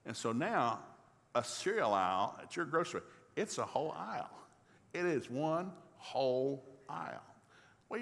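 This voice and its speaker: An older man, a pastor from the rural South, tells a family story in a folksy, animated sermon. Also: medium pitch, long reverb tail. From rural American South.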